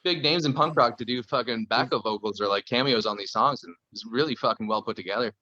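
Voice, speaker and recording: A man's voice: mid-range voice, quick pace, bright, forceful tone, dry recording, dull audio. A man from Canada chatting casually on a podcast, telling loose stories full of swearing. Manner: loose, profane storytelling. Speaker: podcast guest.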